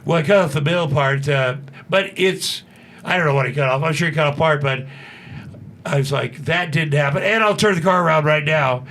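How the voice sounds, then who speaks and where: A man in his sixties with a somewhat high voice, sitting in a studio as a guest and telling fight stories in a profane, animated way. He rushes through some lines and slows down on others, and he acts out the quotes. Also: slight background noise. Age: 60s. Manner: profane, animated, fast-talking storyteller who acts out quotes. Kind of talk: casual storytelling.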